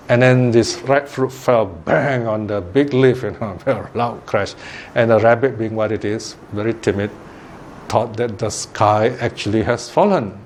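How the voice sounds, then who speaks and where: A man's voice: medium pitch, darkish tone, a little hiss or hum. A man giving a Buddhist Dharma talk, telling a fable in a chatty way, chuckling, repeating words and asking his listeners questions. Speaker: Buddhist teacher.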